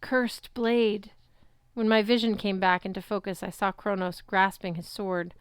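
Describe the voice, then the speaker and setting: Woman, steady story narration, smooth clear voice, dry close sound. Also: medium pitch, moderate pace, no room sound. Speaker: audiobook reader. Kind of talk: first-person story narration.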